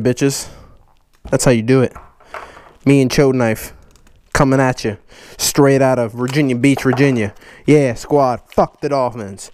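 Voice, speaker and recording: A man in his twenties opening fan mail on his vlog, loud, hyper and goofy, jumping between high yelps and low growls. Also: smooth, no echo. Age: 20s. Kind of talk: casual vlog chat.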